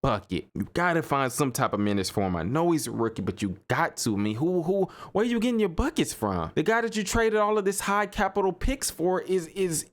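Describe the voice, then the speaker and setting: A young man hosting a casual solo basketball podcast, talking in a loose, animated way, repeating himself and laughing as he riffs on games. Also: on the high side, brisk, few pauses. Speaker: sports podcast host. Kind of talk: casual solo sports commentary.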